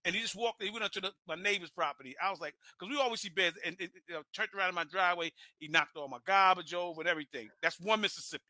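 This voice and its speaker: A man from Brooklyn, telling a rowdy story with laughs and shouted asides. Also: sits high, rapid-fire, hardly any pauses, no room sound. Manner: loud, laughing, acts out voices, swears freely. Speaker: guest storyteller. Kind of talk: animated storytelling.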